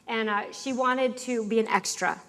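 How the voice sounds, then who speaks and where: Chatty, quick-laughing woman storyteller. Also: a little high. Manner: lively, chatty, quick to laugh, asks the audience questions. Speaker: speaker giving a testimonial. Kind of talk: personal storytelling to an audience.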